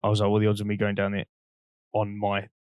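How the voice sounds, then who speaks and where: A young man, co-hosting a podcast and telling rambling, animated stories while laughing often. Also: on the low side, fast, smooth, no room sound, lo-fi sound. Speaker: podcast co-host. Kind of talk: casual storytelling chat.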